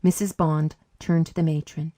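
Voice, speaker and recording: A woman narrates a short story in a calm, even manner. Her voice is low and mellow, with a dark, soft tone. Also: moderate pace, no echo, studio quality. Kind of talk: scripted narration.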